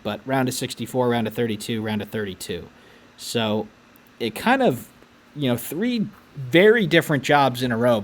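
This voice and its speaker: Man rattling off college basketball stats. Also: medium pitch. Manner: stat-heavy, measured, some restarts. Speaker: podcast co-host. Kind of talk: casual sports analysis chat.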